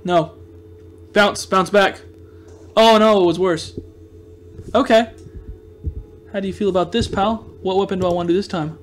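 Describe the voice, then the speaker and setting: A man giving casual let's-play commentary on a video game, reacting excitably with loud outbursts of frustration. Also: sits high, moderate pace, pauses often, slight background noise. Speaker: gameplay commentator.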